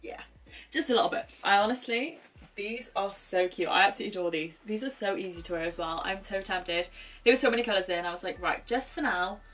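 Bright-voiced chatty young woman. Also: medium pitch. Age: young adult. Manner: chatty, gushing and upbeat. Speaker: vlogger. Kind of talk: casual shopping haul chat.

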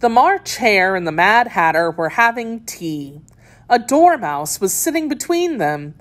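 Woman storybook narrator, mid pitch, very animated intonation. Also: measured pace. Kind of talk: storybook read-aloud.

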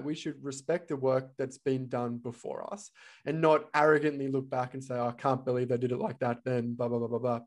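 A man at a middle pitch, hosting a relaxed podcast conversation. He talks emphatically and with animation, lecturing as he makes his points. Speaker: podcast host, physiotherapist.

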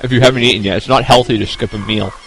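A man's voice: mid-range voice, steady tone, rapid-fire, fairly bright tone, a little hiss or hum. A man from Maine chatting live while streaming a video game, reacting to it and talking to his viewers. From Maine, United States.

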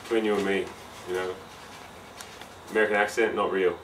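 A man's voice: deep voice, flat delivery, fairly quick, a bit bright, a little hiss or hum. A young Australian man confiding and bragging in a mockumentary confessional. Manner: boastful, confiding, swaggering. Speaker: housemate. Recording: roomy, distant mic.

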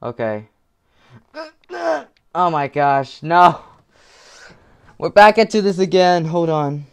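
A man giving gameplay commentary with headphones on, muttering to himself and swinging into frustrated yelling. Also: a little high, very animated, slow pace, vocal fry, clear, resonant tone. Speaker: gaming video creator.

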